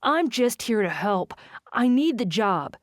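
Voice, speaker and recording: A woman's voice: on the high side, very animated, unhurried, dry recording, studio quality. A woman voicing a pleading young ex-boyfriend. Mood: earnest. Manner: earnest, pleading. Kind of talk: audiobook character voice.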